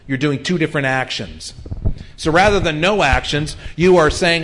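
A man's voice: on the high side, expressive, moderate pace, a bit bright. A man in his fifties preaching a sermon in an earnest, conversational way, with frequent ums and restarts. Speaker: pastor.

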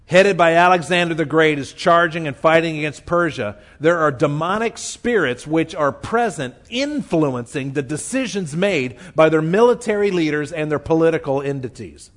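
A man preaching a sermon, reading scripture and explaining it earnestly, slowing down to stress his points. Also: a little high. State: tearful, choked up. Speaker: pastor.

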